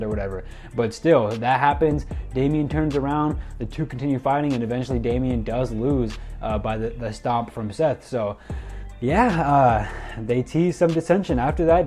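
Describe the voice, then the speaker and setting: Mellow-voiced young man recapping wrestling. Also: mid-range voice. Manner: rambling, many fillers, acts out quotes loosely. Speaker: wrestling show reviewer. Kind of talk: casual recap vlog.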